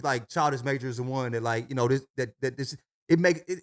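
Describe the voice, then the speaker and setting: A man's voice: mid-range voice, animated, fast talker, few pauses, clear, resonant tone. A man co-hosting a podcast, talking animatedly and casually with lots of swearing and filler. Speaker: podcast co-host. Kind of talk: casual chat.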